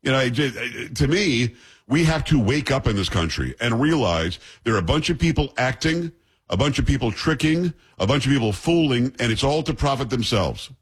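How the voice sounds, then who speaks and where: A man's voice: medium pitch, animated, moderate pace, husky. A man hosting a show, giving blunt, scornful political commentary. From New York.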